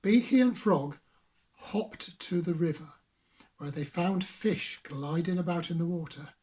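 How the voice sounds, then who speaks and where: An older man reading a children's picture book aloud as a grandfather, gentle and unhurried. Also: high-pitched, husky. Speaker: grandfather storyteller.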